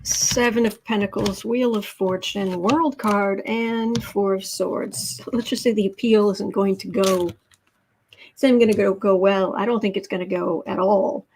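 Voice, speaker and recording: Woman, tarot livestream host, casual and chatty, sarcastic asides while reading comments, mid-pitched voice. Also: fairly even intonation, a little slow, darkish tone, slight background noise. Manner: chatty, sarcastic, reads viewer comments aloud.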